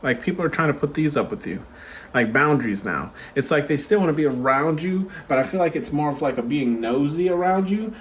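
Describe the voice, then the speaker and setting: A man's voice: fairly high pitch, slight background noise. A man giving a casual pick-a-card tarot reading, rambling and chatty with lots of fillers and asides.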